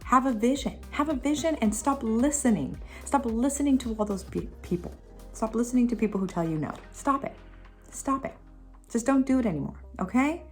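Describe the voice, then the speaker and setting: With a slightly high, expressive voice and a somewhat fast pace, a woman talks to camera in a vlog, giving casual motivational advice emphatically and repetitively. She's playful, laughing at her own impressions, and faint music plays underneath.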